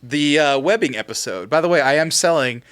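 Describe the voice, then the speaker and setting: High-voiced man joking on a podcast. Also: lively intonation, a bit bright, clean tone. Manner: joking, rambling, quick to laugh. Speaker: podcast co-host. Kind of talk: casual chat.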